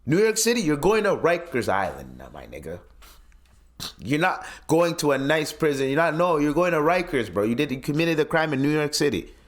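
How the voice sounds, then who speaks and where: Animated swearing podcast host man. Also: on the high side, a little fast. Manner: animated, swearing, incredulous rants. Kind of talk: casual commentary monologue.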